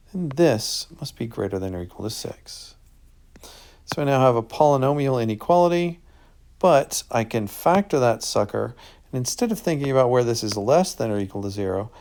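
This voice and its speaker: Gravelly man teaching math casually. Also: medium pitch. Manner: casual and upbeat, thinks out loud. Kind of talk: walking through an answer key.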